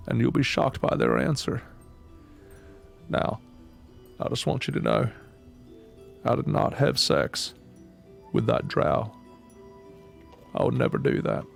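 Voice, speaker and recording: A man doing an impression of a politician, speaking in a breathy, husky, folksy speech-making manner. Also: medium pitch.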